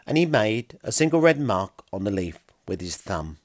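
A man narrating a children's story in an expressive, playful way, recorded close. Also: lowish voice, normal speed, few pauses, dry recording.

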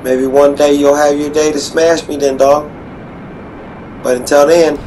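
A man's voice: on the high side, little pitch movement, moderate pace, long pauses, a little mellow, faint music behind, low-quality recording. Cocky trash-talking man, street slang. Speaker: gamer trash-talking over voice chat. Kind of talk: casual trash talk while gaming.

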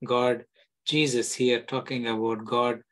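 A man's voice: mid-range voice, little pitch movement, slow pace, rough recording. A middle-aged male pastor giving a Bible-teaching sermon, reading scripture verses aloud and explaining them, with frequent restarts.

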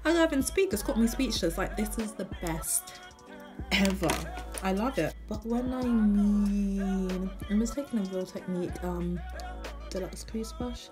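A young woman vlogger chats as she gets ready, animated and swearing freely. Her voice sits in a middle range, and soft music plays faintly behind her. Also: mid-range voice, a little slow. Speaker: beauty vlogger. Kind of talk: casual get-ready-with-me chat.

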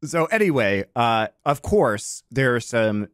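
A man hosting a casual film podcast, walking through the story at length. His voice moves around a lot in pitch, recorded dry and close. He often stumbles over his words, restarts, and laughs. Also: sing-song, slow pace, a bit bright, smooth, dry recording. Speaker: podcast host. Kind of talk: casual chat.

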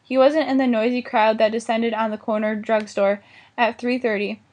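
A woman's voice: fairly high pitch, level tone, moderate pace, a little mellow. A woman reading a children's novel aloud, giving the dialogue light character inflection. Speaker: audiobook reader. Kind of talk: scripted narration of a children's novel.

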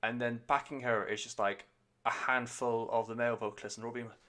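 A man's voice: mid-range voice, little pitch movement, quick pace, sharp tone. A man giving a rambling, enthusiastic and sweary casual review of an album on a podcast.

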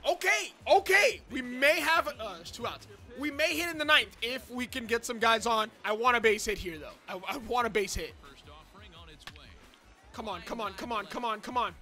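High, bright-voiced excitable young gamer guy. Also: normal speed, faint music behind. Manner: excitable, talks to himself and viewers, shouts and groans at the game. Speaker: gaming channel host. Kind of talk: live gameplay commentary.

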